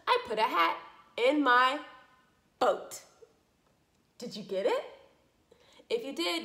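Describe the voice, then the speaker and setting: A woman leading a speech practice lesson for children, modeling sounds slowly and encouragingly. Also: on the high side, fairly bright tone. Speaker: speech therapist. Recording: echoey room.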